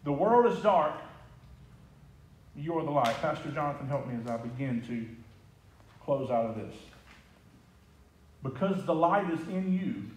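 A man preaching a sermon as pastor, swinging between hushed, intimate lines and loud, ringing calls. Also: on the high side, lively intonation, unhurried, pauses often, slight background noise. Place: church sanctuary. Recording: echoey church hall with music behind. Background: music.

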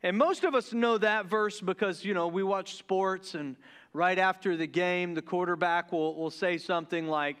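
A man from the Deep South, preaching a casual, joking sermon to his church and tripping over his words in his excitement. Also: moderate pace, clean tone. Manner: joking, excitable, stumbles and restarts. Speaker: pastor. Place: church sanctuary.

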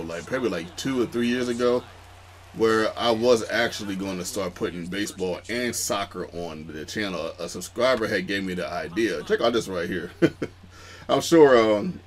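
A young man hosting a gaming channel, chatting in a calm, rambling way with many fillers during gameplay commentary. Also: lowish voice.

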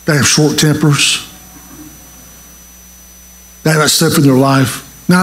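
Pastor, male, high voice, animated sermon delivery, quizzes the congregation, roomy church echo. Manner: animated, asks the congregation questions.

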